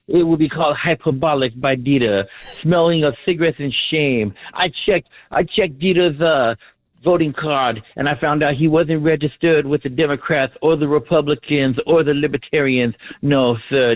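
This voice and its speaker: A man's voice: a little high, dry recording. Hammy male caller on a tinny phone line. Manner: hammy, calls everyone baby, sing-song. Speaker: radio caller. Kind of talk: theatrical call-in rant.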